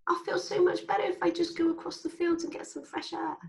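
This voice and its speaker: A woman voicing a small, gentle inner voice of reason, high and soft, calm and encouraging. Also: fairly quick, creaky, distant mic, exaggerated voice.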